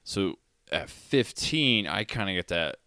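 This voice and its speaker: A man hosting a podcast, talking reflectively in a relaxed conversation. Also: sits low, clear, resonant tone, dry recording, clean studio sound. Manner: reflective, measured. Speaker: podcast host.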